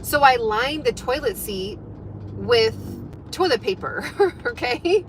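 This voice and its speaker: A young woman telling a story to her viewers in a chatty, animated way, full of fillers. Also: fairly high pitch, slow, a little hiss or hum, low-quality recording. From United States. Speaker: fitness and life coach.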